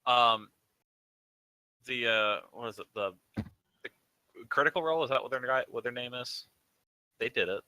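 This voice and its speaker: Man, very bright sharp voice, hesitant, stumbling player. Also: mid-range voice, moderate pace, pauses often, clear, resonant tone, rough recording. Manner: hesitant, lots of uhs and restarts. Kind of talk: casual gaming chat.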